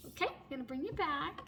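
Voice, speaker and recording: A middle-aged woman with a high, light voice talks her way through a recipe in her home kitchen, chatty and quick to laugh, with little apologetic asides. She films on a phone she keeps turning around. A pet bird chirps faintly behind her. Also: sharp tone, a little hiss or hum, poor audio. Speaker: home cooking host. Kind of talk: casual cooking vlog chat. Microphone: phone camera held and turned while cooking.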